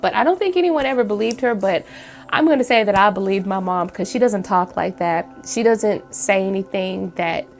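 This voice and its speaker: At medium pitch, a woman hosting her own channel tells a story to the camera from home, wandering casually through it with lots of fillers and restarts.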